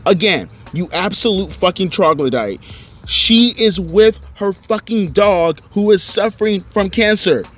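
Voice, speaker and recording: A man's voice: high voice, lively intonation, unhurried, a bit bright, soft background music. Furious profane man ranting outdoors. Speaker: online commentator. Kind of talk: angry rant vlog. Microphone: cell phone.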